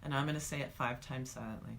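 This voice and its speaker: A woman teaching a guided meditation, calm and coaching, speaking straight to the viewer. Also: extremely low pitch, fast, vocal fry, a little hiss or hum.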